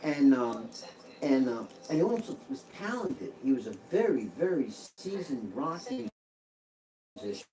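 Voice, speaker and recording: A man's voice: medium pitch, very animated, unhurried, mellow, slight background noise, poor audio. A man casually telling a long story from his prison years, rambling and profane, and acting out other people's voices.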